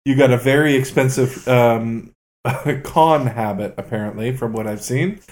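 A man's voice: medium pitch, measured pace, a little mellow. A man hosting a podcast, welcoming his co-host and joking playfully in casual banter. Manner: jokey, playful.

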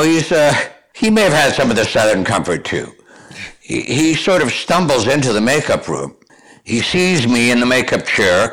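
A man's voice: mid-range voice, fairly bright tone. An older man from Canada, a guest telling long rambling anecdotes with restarts and chuckles. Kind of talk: conversational storytelling.

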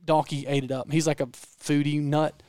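A man with a Southern American accent telling stories in casual podcast chat, animated and rambling with frequent restarts. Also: fairly high pitch, moderate pace, no echo, studio quality. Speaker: podcast guest storyteller.

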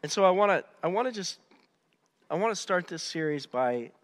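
A man preaching a sermon as pastor, conversational and animated, often restarting his sentences. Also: high-pitched, normal speed, big-room sound.

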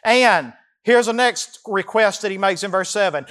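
A man preaches a sermon with a fairly high voice. His delivery swings between emphatic rises and slow, drawn-out phrases as he prays the text aloud to his congregation. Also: a bit bright. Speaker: pastor.

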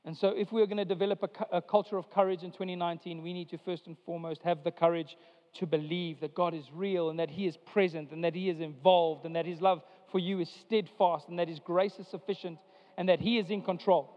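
A male pastor delivering a sermon to his church, preaching with emphatic rises and slow, drawn-out lines. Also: high-pitched, steady tone. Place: church sanctuary. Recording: dull sound with long hall reverb.

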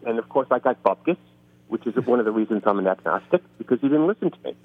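A man's voice: mid-range voice, animated, fast, husky. A middle-aged man from the Bronx with a New York accent, an author chatting casually and self-deprecatingly about his books in an interview, often restarting his sentences. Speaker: author guest. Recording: phone-line audio.

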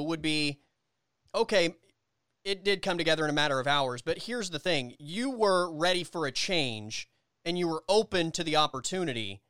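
Brief: male podcast co-host, smooth and crisp, a bit high, argues his point at length. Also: sharp tone, no echo. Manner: restarts a lot, builds long arguments. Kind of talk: casual sports chat.

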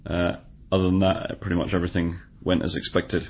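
A man's voice: deep voice, flat delivery, fairly quick. A man co-hosting a casual football podcast, recapping results with dry, wry understatement. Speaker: podcast co-host. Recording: dull lo-fi podcast audio.

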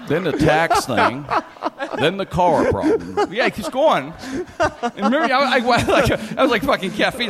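Brief: lively, excitable male storyteller, voice swinging up and down, a little higher-pitched, long hall reverb. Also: unhurried, crowd noise. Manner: animated, laughing often, lots of restarts. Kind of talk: comic storytelling.

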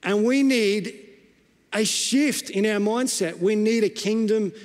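A man's voice: high voice, slow pace, in a large hall. A man preaching as a pastor. He tells a story full of fillers and restarts, then presses his point with growing urgency. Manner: retells a film scene with many fillers, then preaches with rising urgency. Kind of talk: sermon. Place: church.

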